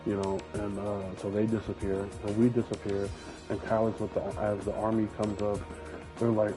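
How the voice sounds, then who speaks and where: A man's voice: on the low side, fairly even intonation, normal speed, over music, rough recording. A man casually retelling a made-up story, rambling and swearing often, with many fillers and restarts.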